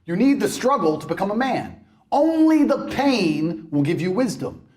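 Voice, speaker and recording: A man's voice: high-pitched, big pitch swings, normal speed, darkish tone. A man in a brash, mocking monologue, swearing often. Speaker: internet personality. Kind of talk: ranting monologue.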